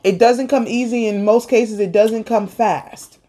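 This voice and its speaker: A woman host speaking earnestly about faith and perseverance in a casual chat, talking like a sermon and protesting loudly when teased. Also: a little high, steady tone, measured pace. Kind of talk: casual faith talk on an eating show.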